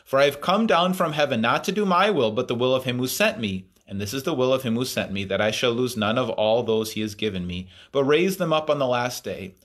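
A man's voice: medium pitch, animated, fairly quick, hardly any pauses, a bit bright. A man preaching a sermon, reading scripture aloud and explaining it in a thoughtful way, with frequent fillers and restarts.

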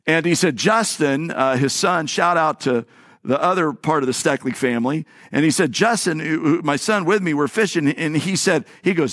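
A man's voice: on the high side, moderate pace, fairly bright tone, no echo, studio quality. A male pastor preaching a sermon, telling a story and acting out the voices of the people in it, often repeating words as he restarts a phrase.

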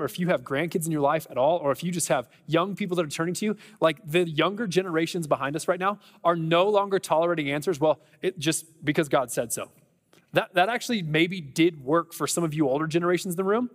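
A man's voice: on the high side, fast talker, few pauses, in a large hall. A man preaching a sermon in a conversational, earnest way, with an American accent and frequent fillers and restarts. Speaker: pastor.

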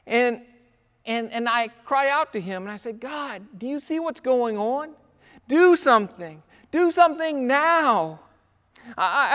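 High-voiced pastor preaching in a reverberant hall. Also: male voice, fairly bright tone, clear, resonant tone. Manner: storytelling with acted quotes, earnest and pleading. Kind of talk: sermon.

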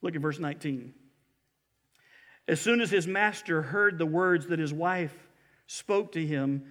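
A man preaching a sermon in a church, telling a story in an animated, emphatic way. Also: on the high side, unhurried, big-room sound. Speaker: pastor. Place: church building.

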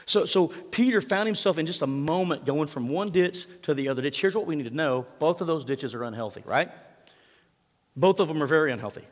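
A man preaching a sermon, retelling scripture in lively storytelling and acting out the quoted lines with rising intensity. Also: fairly quick. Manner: animated storytelling, acts out quoted lines with rising pitch and volume. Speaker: pastor. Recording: hall reverb.

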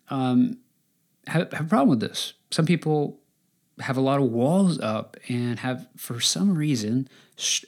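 Guy preaching a sermon, earnest and chatty, pauses and restarts a lot, pretty average pitch. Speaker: pastor.

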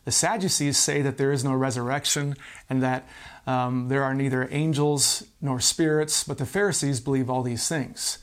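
A man's voice: medium pitch, fairly even intonation, normal speed. A male pastor giving a podcast sermon, explaining and reading scripture in an earnest way.

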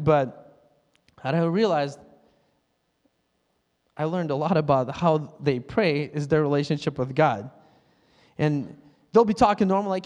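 Here a pastor, his voice on the high side, delivers a loose, conversational sermon and chuckles as he speaks. He drops in quick imitations of the way other people pray. A spacious church hall gives everything a long, drawn-out echo.

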